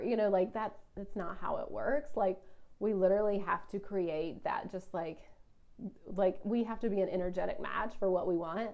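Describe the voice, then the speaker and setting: A woman's voice: medium pitch, moderate pace, darkish tone. Chatty woman business coach. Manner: chatty, heavy use of "like", puts on a whiny voice for complaints. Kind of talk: casual solo podcast monologue.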